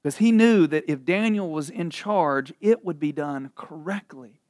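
A man preaching a sermon, reading scripture slowly and dramatically, then retelling it with laughs and casual asides. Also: a little high, no room sound, studio quality. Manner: animated storytelling with frequent laughs and asides.

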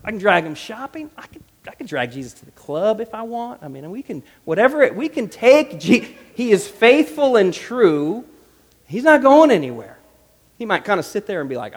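A man preaching a sermon with animated delivery, jumping between loud emphasis and hushed asides, voicing quotes with character. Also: high-pitched, normal speed, big-room sound. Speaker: pastor.

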